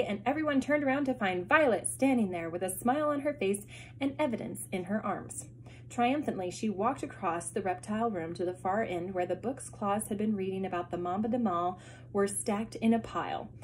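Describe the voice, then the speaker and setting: A woman teacher reads a chapter book aloud to her class, expressive and pausing for asides. Her voice sits at a middle pitch. A faint hiss runs underneath.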